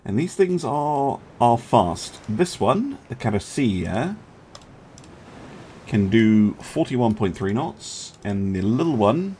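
A man's voice: lowish voice, big pitch swings, slow pace, a little mellow, slight background noise. A man giving casual, musing commentary on a naval strategy game as host, chuckling often and poking fun at himself. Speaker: gaming video host.

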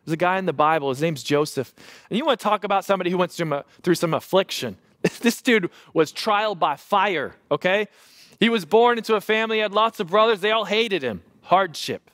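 A man in his thirties, a pastor preaching a sermon and telling a lively family story with self-deprecating humor. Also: sits high, fairly quick, dry recording, studio quality.

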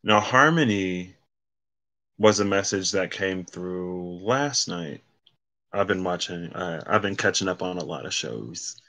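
A man's voice: sits low, unhurried, sharp tone. A man giving a casual solo card reading, rambling and correcting himself as he reads card meanings aloud. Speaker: tarot card reader.

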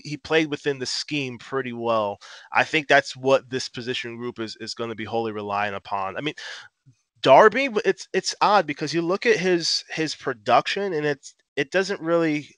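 A man's voice: medium pitch, normal speed, a bit bright, dry recording. Ranting profane male football fan. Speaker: podcast co-host. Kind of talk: casual sports podcast chat.

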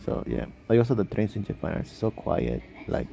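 Young male vlogger, low and mellow, gravelly, sleepy rambling delivery with frequent self-corrections. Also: big pitch swings, moderate pace, soft background music. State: sleepy, just woke up. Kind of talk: casual travel vlog voice-over.

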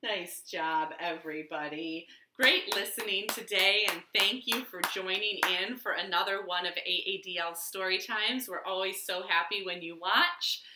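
A woman librarian reading a children's picture book aloud at home, very expressive and animated. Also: medium pitch, a little slow, few pauses, slight background noise. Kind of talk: storytime read-aloud. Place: living room at home. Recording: echoey living room.

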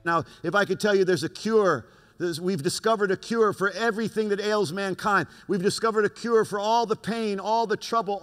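A pastor preaching in a high-pitched male voice, driving his points home through repetition. His words ring out with long reverb in a large church hall. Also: fairly bright tone. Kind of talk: sermon.

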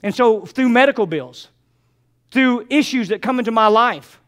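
Fervent older preacher, high voice. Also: male voice, animated, moderate pace, fairly bright tone. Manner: preaches with rising fervor, repeating phrases and calling to the congregation. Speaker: pastor. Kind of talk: sermon.

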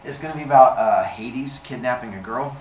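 A man's voice: medium pitch, brisk. A male teacher giving a recorded lesson, chatty and casual, saying "like" a lot and acting out little scenes. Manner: chatty, says "like" often, acts out little scenes. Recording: echoey room, faint noise.

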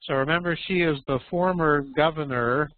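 A man teaching an online English class, explaining patiently and slowly and checking in with questions. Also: a little high, dry recording. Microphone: video call. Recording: tinny phone-like audio.

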